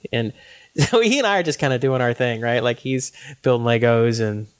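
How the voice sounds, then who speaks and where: A man's voice: medium pitch, normal speed, clear, resonant tone. A man, a father of young kids, co-hosting a casual chat and telling stories, acting out the quotes in them. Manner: animated storyteller who acts out quotes. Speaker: podcast co-host.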